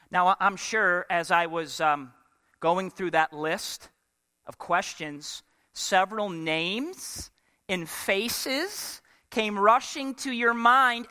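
A man's voice: sits high, sharp tone, smooth, long reverb tail. A man preaching a sermon as pastor, emphatic and full of rhetorical questions put to the congregation.

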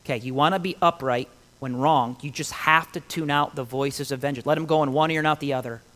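Emphatic preacher man, slightly high voice. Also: steady tone, pushed and bright. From Italian heritage. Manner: emphatic, rhetorical questions, dramatic pauses. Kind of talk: sermon.

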